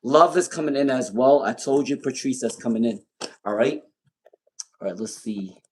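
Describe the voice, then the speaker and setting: A man's voice: mid-range voice, normal speed, darkish tone, a little hiss or hum. A young man hosting a live-stream tarot reading, talking casually with viewers, often repeating himself and breaking into laughter.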